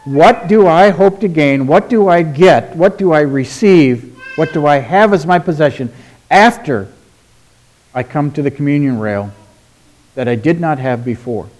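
A man preaching a sermon in a deliberate, emphatic way, asking rhetorical questions and dropping to a quiet voice for stress. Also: on the high side. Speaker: pastor.

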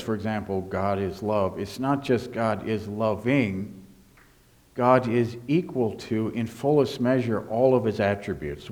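A man preaching a sermon as pastor, emphatic, swinging between hushed and raised delivery. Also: fairly low pitch.

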